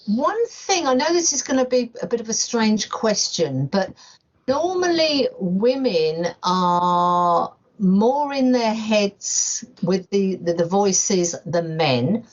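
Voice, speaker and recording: Female podcast host, inquisitive and conversational, slow pace; lo-fi muffled sound. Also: medium pitch, animated. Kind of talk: podcast interview. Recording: dull lo-fi sound.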